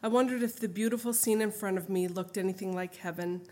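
A woman's voice: mid-range voice, quick pace, a little mellow. A middle-aged woman sharing her family's story as a mother, reading from her account and then telling an anecdote off-script in an earnest, emotional way.

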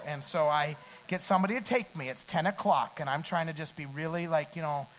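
A middle-aged man preaching a sermon. He climbs to loud, emphatic peaks and then drops back to a quiet storytelling tone. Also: a little high, expressive, a little fast, hardly any pauses, a little hiss or hum, low-quality recording.

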